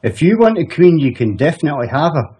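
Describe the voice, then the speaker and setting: A man on a casual online radio show who reels off names in a quick rhythm. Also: on the high side, big pitch swings, warm tone, breathy edge. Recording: dull lo-fi line.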